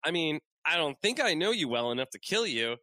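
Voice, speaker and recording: A cocky masked antihero voiced by a man in a raised, lively voice, full of jokes and flirting. He rambles from one gag to the next. The sound is dry and close. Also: a little high, brisk, dry recording, voice pushed up. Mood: joking.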